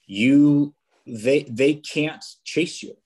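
A man's voice: a little high, drawn-out words, darkish tone, husky. A police officer, a man, chatting as a podcast guest, telling stories casually with many restarts and fillers. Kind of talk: casual interview storytelling.

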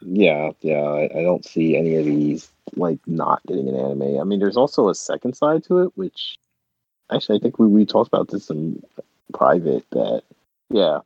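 Deep-voiced man, rambling casual chat. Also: very animated, normal speed, a little mellow, slightly rough, no echo, highs cut off. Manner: rambling, many restarts and fillers. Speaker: podcast co-host.

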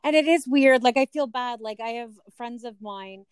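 A woman co-hosting a podcast, chatting frankly and casually. Her voice sits a little high. The sound is dry, close and free of room echo. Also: normal speed, clean tone. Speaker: podcast co-host. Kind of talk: casual chat.

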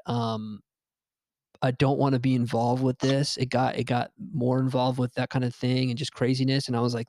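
Rambling gravelly-voiced man telling a story. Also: mid-range voice, darkish tone, no room sound. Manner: rambling, profane, with many fillers and restarts. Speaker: podcast host. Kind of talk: casual storytelling chat.

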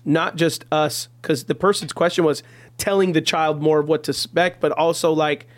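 Earnest pastor telling stories, dry sound. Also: male voice, on the high side, fairly even intonation, normal speed, dry recording. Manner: earnest storytelling, heavy on "you know" fillers. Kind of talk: casual podcast conversation.

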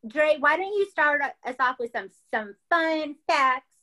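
An American woman hosts a relaxed podcast conversation. She sounds giggly and eager, and her voice sits fairly high. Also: a little slow, rough recording. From United States. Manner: giggly, enthusiastic. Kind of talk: casual podcast chat.

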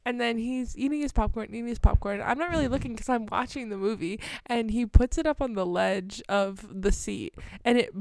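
Woman in her 30s, casual storyteller, fairly high voice, dry close sound, lively and laughing. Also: brisk, gravelly, hardly any pauses, dry recording. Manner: animated, laughs often, acts out her child's lines. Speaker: parent telling a story.

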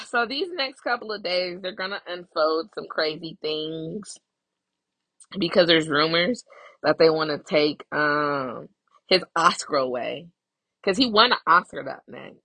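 Animated, cussing woman podcast host. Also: low voice, unhurried, dry recording. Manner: animated, profane, laughing often. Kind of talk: casual gossip commentary.

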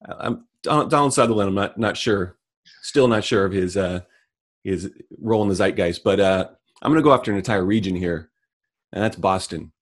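A middle-aged man co-hosting a casual comedic chat, delivering deadpan mock rants. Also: sits low, brisk. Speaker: podcast co-host.

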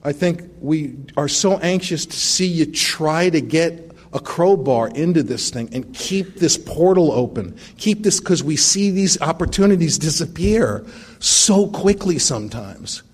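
A man's voice: on the high side, lively intonation, measured pace, breathy edge. A middle-aged man giving a personal recovery testimony, telling it in a wry, self-mocking way with frequent restarts. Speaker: recovery meeting speaker.

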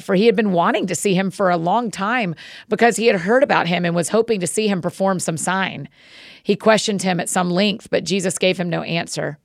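A woman hosting a daily Bible-reading podcast, reading scripture aloud in an earnest, steady way. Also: fairly low pitch, gravelly, no echo, studio quality.

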